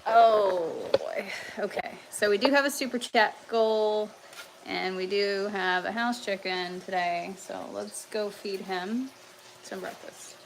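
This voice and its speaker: A woman's voice: medium pitch, takes it slowly, background noise. A woman hosting a casual livestream, chatting, joking and talking to her chicken at home. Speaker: livestream host.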